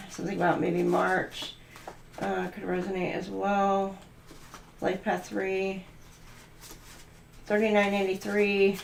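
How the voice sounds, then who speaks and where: A woman's voice: mid-range voice, vocal fry, roomy sound, slight background noise. A woman doing a channeled tarot reading, musing aloud and free-associating letters, numbers and words. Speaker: tarot reader.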